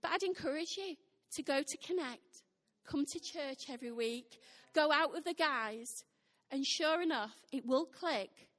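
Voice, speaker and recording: A woman's voice: high-pitched, measured pace, a bit bright. A woman preaching a sermon in a church hall, emphatic and fond of repeating her exhortations. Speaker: church speaker.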